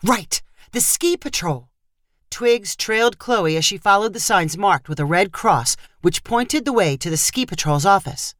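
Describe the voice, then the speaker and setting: A woman narrating a fiction short story with expressive delivery. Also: medium pitch, normal speed, hardly any pauses, no room sound, studio quality.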